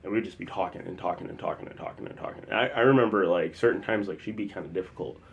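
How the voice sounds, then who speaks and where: A young man from the Chicago area tells a personal story in a loose, rambling way with lots of fillers, now and then bursting into loud acted quotes. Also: low voice, very fast, gravelly, lo-fi sound. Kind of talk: casual spoken storytelling.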